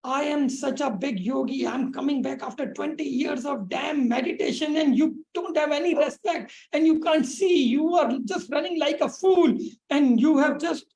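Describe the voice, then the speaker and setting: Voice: high-pitched, normal speed, creaky, few pauses, a little mellow, roomy sound. A woman telling a teaching story who voices a proud, angry male yogi back from twenty years of meditation, in an indignant, ranting way.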